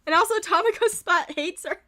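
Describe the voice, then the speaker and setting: A woman's voice: very high voice, brisk, pushed and bright. A woman streamer giving casual, giggly commentary as she reads game events aloud.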